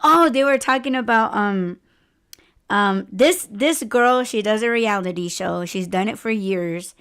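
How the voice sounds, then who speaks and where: A woman's voice: mid-range voice, unhurried, a bit bright, smooth. A woman in her forties hosting a podcast, chatting candidly, laughing often and swearing freely. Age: 40s. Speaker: podcast host. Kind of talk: casual chat.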